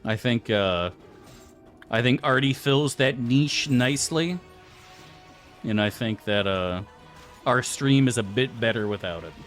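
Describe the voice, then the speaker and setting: A man's voice: medium pitch, measured pace, pauses often, a bit bright, faint music behind. A man chatting casually on a live game stream, crude and profane, rambling through asides to his chat.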